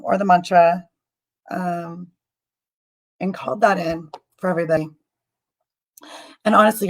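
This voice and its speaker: Soft-spoken woman leading a meditation. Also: fairly low pitch, poor audio. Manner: soft, halting, emotional, with many ums. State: tearful. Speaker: spiritual healer hosting a live stream. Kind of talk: guided meditation on a live stream. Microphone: computer mic on a live stream.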